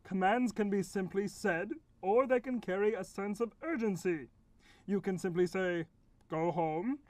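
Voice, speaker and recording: A woman doing a calm punctuation pal in a children's lesson skit who explains things patiently and hums between thoughts. The voice sits at a middle pitch. The sound is dry and close. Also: a little slow, no echo, close to an everyday voice. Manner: patient, explaining, humming "hmm" often. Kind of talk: children's educational puppet skit.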